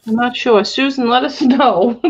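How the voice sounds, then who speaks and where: A woman's voice: on the high side, a little mellow, husky, highs cut off. A woman with a Long Island accent hosting a live resale auction, chatting with viewers and reading out item sizes and bidder names. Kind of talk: casual live-sale patter.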